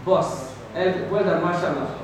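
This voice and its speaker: A high-voiced man teaches a class, calling out sounds and waiting for students to echo them back. His voice rings through an echoey room, picked up from a distance, with the murmur of a group around him. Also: measured pace. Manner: patient, drills students call and response. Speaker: Quran teacher. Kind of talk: classroom tajweed lesson. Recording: echoey room from far off, crowd noise.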